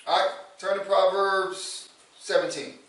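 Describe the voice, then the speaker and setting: Pastor dude giving a sermon, stumbles and repeats words, gets loud at points, mic's far away. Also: male voice, high voice, fairly even intonation, measured pace. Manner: conversational preaching, repeats words, chuckles, rises to loud emphasis. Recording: echoey room from far off.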